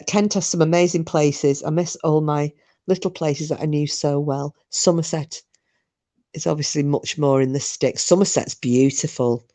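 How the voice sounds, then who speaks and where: Low-voiced woman chatting with viewers. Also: warm tone. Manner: chatty, rambling, swears casually. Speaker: livestream host reading chat. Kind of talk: casual live chat with viewers.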